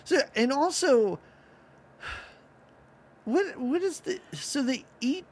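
Brief: male podcast co-host, casual chat, lively up-and-down delivery, quick to laugh and act things out. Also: very high voice. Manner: animated, laughs often, acts out lines from the cartoon.

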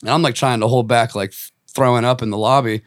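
A young man tells a long, profane story in a loose chat. He rambles and laughs at his own tale, his voice sitting at an ordinary middle pitch. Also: steady tone, quick pace, no echo, clean studio sound. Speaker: tattoo artist and band member, podcast guest.

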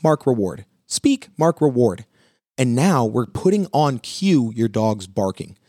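A man hosting a live pet advice talk, walking viewers through dog training steps in an energetic, coaching way. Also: mid-range voice, no room sound, studio quality.

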